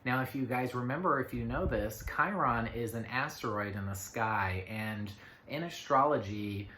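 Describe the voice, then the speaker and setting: A man's voice: medium pitch, moderate pace, pushed and bright. A man giving a casual spoken astrology forecast, rambling along with many fillers and little asides to himself. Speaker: astrology reader. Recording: echoey room with faint noise.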